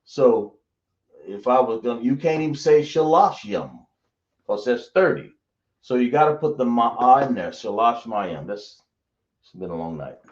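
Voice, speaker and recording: A man's voice: medium pitch, animated, a little slow. Male teacher, drawling, quizzes the class, echoey dull room sound. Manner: drawling, self-correcting, asks the class questions. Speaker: Hebrew teacher.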